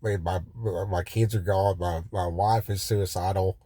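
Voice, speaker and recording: Speaking a little slowly in a low, dark, steady voice, a vlogger gives a rambling personal testimony from his car by the roadside. He swears freely and keeps doubling back with fillers and restarts, and the recording is dry.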